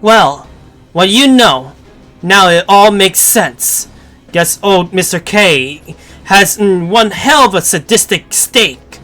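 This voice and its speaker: A brash warrior woman of spirit, played by a streamer reading a game, taunting her foes in a lazy, slangy drawl. The talk is slow, the tone is bright, and faint music plays behind her. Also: medium pitch, lively intonation. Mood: mocking. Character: cocky, crude female warrior spirit.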